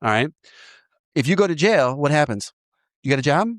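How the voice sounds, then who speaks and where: A man sponsoring in a recovery program, walking a listener through an inventory in a lively, joking way with frequent laughter. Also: fairly high pitch, normal speed, no room sound, studio quality. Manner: animated, laughs often, acts out voices. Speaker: AA sponsor guiding a step inventory. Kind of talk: casual teaching talk.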